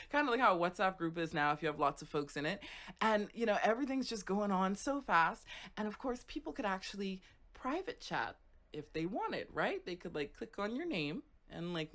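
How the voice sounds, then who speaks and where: A woman host from Florida telling a casual, chatty story, often checking in with "right?" and "okay?". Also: fairly low pitch. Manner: animated, conversational, frequent "right?" and "okay?".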